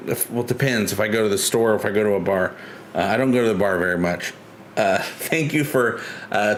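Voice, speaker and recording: A man's voice: medium pitch, a bit bright, slight background noise. Rambling man hosting a live stream. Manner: rambling, many restarts, chatty and joking. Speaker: livestream host. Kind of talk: casual live-stream chat.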